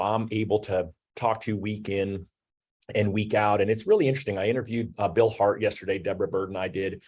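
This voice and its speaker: Low-voiced man hosting a business webinar. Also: a little mellow. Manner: conversational, many fillers like "you know" and "um". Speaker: host. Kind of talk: webinar talk.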